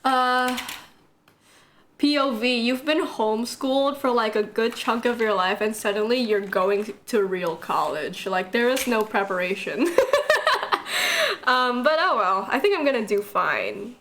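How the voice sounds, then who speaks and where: A young woman talks in a casual, rambling way on a live stream, answering chat as she draws and laughing often. Her voice sits a little high. A faint hiss runs underneath. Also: expressive, unhurried, a bit bright. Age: young adult.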